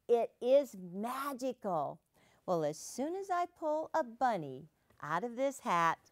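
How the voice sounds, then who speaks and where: A woman's voice: mid-range voice, no room sound, studio quality. A woman hosting a quilting show, demonstrating cutting and sewing steps in a cheerful, playful way.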